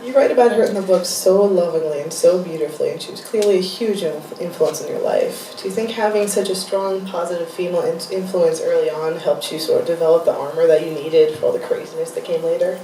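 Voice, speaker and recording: A woman with a low, mellow voice puts warm, admiring questions to her guest at an onstage interview. She is a little off the mic, and the room echoes around her. A faint venue hum runs beneath her. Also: quick pace, few pauses, far from the mic.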